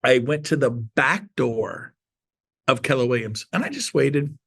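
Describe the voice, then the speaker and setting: A man's voice: medium pitch, measured pace, gravelly, husky. A man giving a sales talk to an audience, telling stories in a punchy, playful, folksy way and acting out the dialogue. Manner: animated storyteller acting out dialogue. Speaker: motivational sales speaker.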